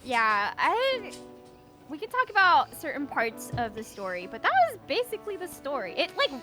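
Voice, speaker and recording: A young woman co-hosting a podcast, chatting casually through a book recap with lots of fillers and quick acted-out quotes. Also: sits high, huge pitch swings, over music. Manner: bubbly, many fillers, acts out characters' lines. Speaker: podcast co-host.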